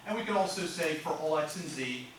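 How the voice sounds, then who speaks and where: A man's voice: on the high side, animated, fairly quick, slight background noise. A man giving a math lecture in class, joking with students and tagging nearly every phrase with "okay?". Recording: echoey classroom from far off.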